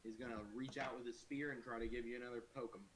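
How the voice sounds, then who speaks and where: A man's voice: mid-range voice, fairly even intonation, quick pace, slight background noise. A man narrating a tabletop game as game master in a playful, dramatic way.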